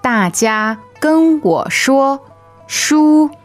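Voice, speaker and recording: A woman's voice: high voice, expressive, very slow, faint music behind. A woman whose first language is Chinese, co-hosting a lesson podcast and giving careful model pronunciation. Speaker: podcast co-host.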